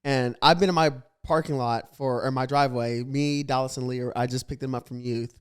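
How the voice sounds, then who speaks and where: A man's voice: mid-range voice, a little fast, smooth. A young man hosting a podcast, casually recounting a story and acting out the back-and-forth. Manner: animated storytelling, acts out quoted exchanges. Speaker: podcast host.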